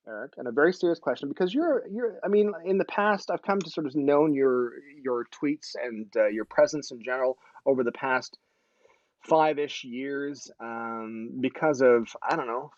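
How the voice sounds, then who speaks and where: Male host, forties, joking and self-correcting; animated pitch, muffled stream audio. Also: dry recording. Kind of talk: casual live-stream chat. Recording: dull, lo-fi live stream.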